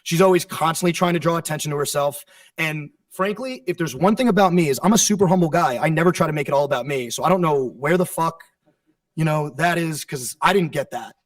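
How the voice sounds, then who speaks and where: Brash, sarcastic champion type, male, slightly high voice; dry, distant press-room pickup. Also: fairly quick, dry recording. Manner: brash, profane, sarcastic bragging. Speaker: wrestling champion at a press conference. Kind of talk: press conference answers. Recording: dry sound from a distant mic.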